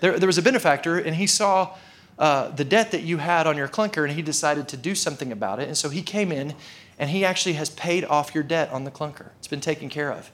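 A man's voice: a little high, quick pace, a bit bright, close to an everyday voice. A man voicing a courteous, businesslike female bank teller in a sermon story. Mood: polite.

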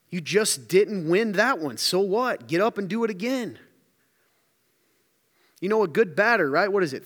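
Male pastor, energetic conversational sermon, slightly high voice, reverberant room. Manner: energetic, joking, conversational preaching.

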